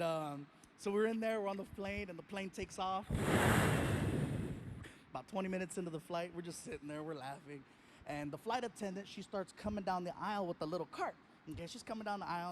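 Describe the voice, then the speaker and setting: A man performing a stand-up comedy routine, telling a story with animated, playful impressions of the people in it. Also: high voice, noisy background.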